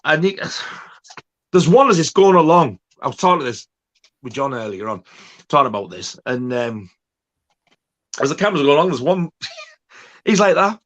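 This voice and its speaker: A man's voice: on the high side, sing-song, moderate pace, pauses often, fairly bright tone. A man, co-hosting a casual film chat, blunt and dry, sometimes mimicking voices. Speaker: co-host.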